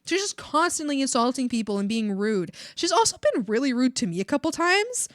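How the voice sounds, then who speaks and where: A young woman streamer venting to her chat in a casual, profane, animated rant, mocking other people's voices as she goes. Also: high-pitched, a little fast, no echo, studio quality. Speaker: art streamer. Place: home streaming setup.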